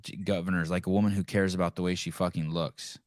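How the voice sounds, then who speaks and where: Deep-voiced and quick, this podcast host fires off blunt, profane, animated rants as casual commentary. The studio-quality recording has no room sound.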